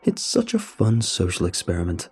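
A man's voice: low voice, wildly swooping pitch, moderate pace, husky, faint music behind, exaggerated voice. A man putting on a gloating masked ringleader, muffled and sneering. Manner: gloating, taunting, muffled behind a mask. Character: cackling sadistic masked man, ringleader of a cruel game.

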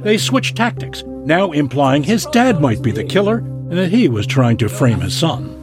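A man narrating a true-crime news story with a dramatic, measured delivery. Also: a little high, very animated, music in the background.

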